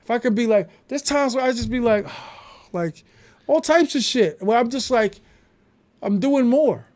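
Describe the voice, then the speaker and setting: High-voiced New man, emphatic. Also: unhurried. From New York City. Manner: emphatic, animated storytelling with frequent swearing. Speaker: podcast guest. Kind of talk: casual conversation.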